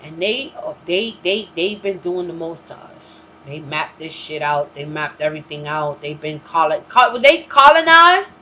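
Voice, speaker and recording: A woman's voice: low voice, expressive, unhurried, hardly any pauses, sharp tone. A woman host talks in a loose, unscripted monologue, blunt and heavy with profanity. Her streetwise storytelling comes through a dull, slightly lo-fi recording with a faint hiss behind it. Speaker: talk show host. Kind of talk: casual monologue.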